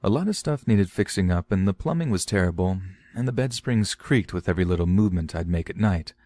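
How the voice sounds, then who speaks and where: A man with a low voice tells a true horror story in the first person, casual and conversational. The recording is dry and close. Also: expressive, brisk, dark tone, no room sound.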